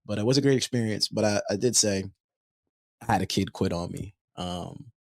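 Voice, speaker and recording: A man with a fairly low voice, a podcast host and youth basketball coach, tells a story in relaxed, casual talk. He gets animated and repeats words when he is worked up. The sound is dry and close, with no room echo. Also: normal speed, creaky.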